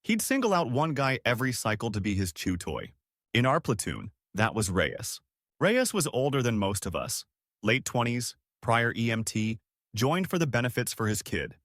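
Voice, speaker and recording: Lively man narrating stories, dry sound. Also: mid-range voice, moderate pace, dry recording. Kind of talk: scripted story narration.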